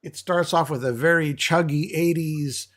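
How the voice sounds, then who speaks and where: A man's voice: fairly high pitch, moderate pace, a bit bright. A man co-hosting a metal music show who eagerly breaks down a song's guitar and vocals, stammering at times. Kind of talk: casual music review chat.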